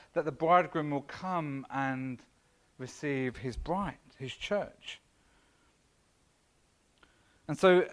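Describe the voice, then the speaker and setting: Man, high-pitched, pastor, casual sermon, filler-heavy, self-deprecating asides. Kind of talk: conversational sermon. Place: church.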